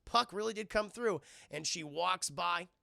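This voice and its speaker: A man's voice: high-pitched, measured pace, creaky, pushed and bright, no echo, studio quality. A man streaming a casual, crude, joking recap of a cartoon episode, talking to his chat.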